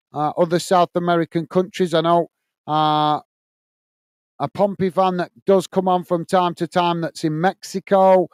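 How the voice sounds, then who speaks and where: A man's voice: sits high, smooth, no echo. A man hosting a casual live stream, reading viewer comments aloud and chatting with many uhs. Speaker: host reading live chat.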